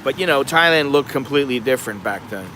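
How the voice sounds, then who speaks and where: An American man vlogging at an outdoor night market, telling a rambling story with chuckles and growing animated. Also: medium pitch, fast. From United States. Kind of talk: casual storytelling vlog. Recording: faint outdoor street noise. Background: traffic and street noise.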